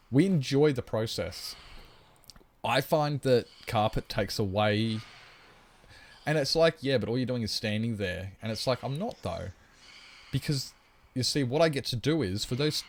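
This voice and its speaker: A man with a somewhat low voice rambles through a relaxed livestream chat. He explains his thinking at length and answers viewers' comments as they come in. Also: slight background noise.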